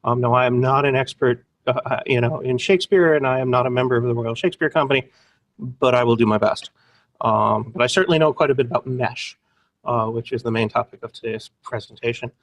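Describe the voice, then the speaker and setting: A man's voice: mid-range voice, brisk. A man presenting a webinar in a playful, upbeat, joking way.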